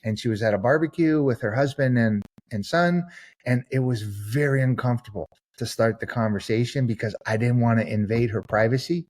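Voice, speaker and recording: Speaking at a medium pitch with a brisk pace and darkish tone, an author appearing as a podcast guest answers at length and with sincerity. He tells stories conversationally and performs the voices of the people he quotes.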